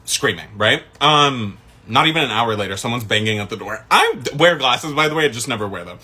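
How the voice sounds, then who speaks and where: A young man from the Middle East telling a casual storytime, animated and swearing freely. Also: mid-range voice, brisk, slightly rough.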